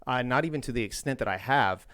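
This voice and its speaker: Smooth-voiced talkative man from Indiana. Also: mid-range voice, fast talker, fairly bright tone. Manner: talkative, rambling with fillers. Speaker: podcast co-host. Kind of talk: casual podcast chat.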